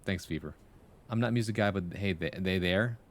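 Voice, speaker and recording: Deep-voiced and brisk, this live streamer chats informally with his audience and spins improvised stories. He swears, jokes and laughs a lot.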